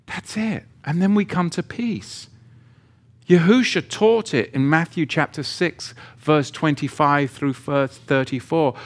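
A man teaching through a Bible chapter verse by verse in a conversational way, with joking asides, reading scripture with emphasis. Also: fairly high pitch.

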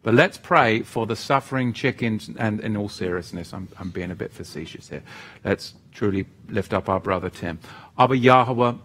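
A man teaching on a live stream and reading viewers' comments aloud. He talks in a feisty, teasing way, jumping from loud outbursts to soft asides, and leads a prayer. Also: lowish voice, fairly even intonation, moderate pace. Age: parent of children living at home.

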